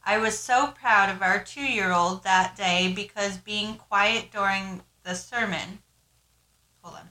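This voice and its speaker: A woman co-host reads listener letters aloud in a bright voice, stumbling now and then. Between readings she rambles casually with lots of fillers. The room around her is echoey. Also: mid-range voice, slow. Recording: roomy echo.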